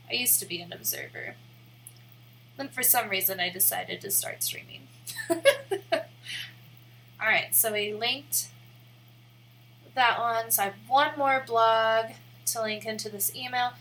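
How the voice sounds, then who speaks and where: Midwestern woman streamer, bright slightly high voice, chatty and rambling. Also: rough recording. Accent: American Midwest. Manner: chatty, rambling, self-deprecating. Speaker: live streamer. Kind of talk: casual livestream chat while working on screen.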